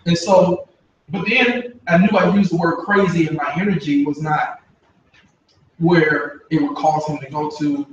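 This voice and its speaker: A man's voice: on the high side, measured pace. A man in a training group telling a story from his work with youth, hesitant at first. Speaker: youth worker attending training. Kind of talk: sharing a story in group discussion. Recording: echoey room from a far mic, dull, noisy.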